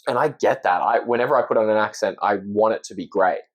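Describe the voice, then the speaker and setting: A man's voice: on the low side, fast talker. A young Australian man with an Australian accent, chatting earnestly and openly as a podcast guest. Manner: earnest, open, laughs easily. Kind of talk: casual chat.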